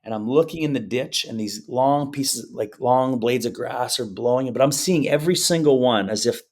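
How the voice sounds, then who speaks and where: A man's voice: medium pitch, moderate pace, a little mellow. A man who is a guest on a podcast interview, telling personal stories in an earnest, emotional way and acting out the quotes. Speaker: guest, hypnotherapist. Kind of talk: conversational interview storytelling.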